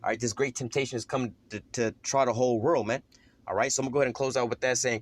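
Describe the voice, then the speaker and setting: A man's voice: medium pitch, fairly even intonation, racing. A man giving a casual scripture lesson, talking conversationally and peppering his speech with "man" and "you know.". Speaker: lay preacher.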